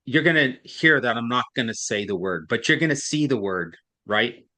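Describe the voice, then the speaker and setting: Patient male reading tutor, mid pitch. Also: animated, normal speed, sharp tone. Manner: patient, explains step by step, often checks in with "right?". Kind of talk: one-on-one tutoring explanation.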